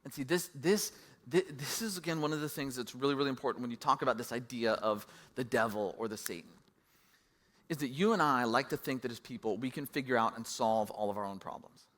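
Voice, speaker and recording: A man's voice: mid-range voice, a little fast, a bit bright. A middle-aged man preaching a sermon as pastor, conversational and self-deprecating.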